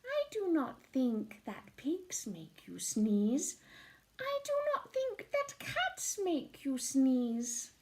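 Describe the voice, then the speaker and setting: A calm storybook cat doctor speaks softly and soothingly, as a woman puts him on. The voice is high and light, the delivery unhurried and gentle. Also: heavily acted. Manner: gentle, soothing, slightly meowing. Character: calm cartoonish cat doctor, soft-spoken. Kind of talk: storybook read-aloud.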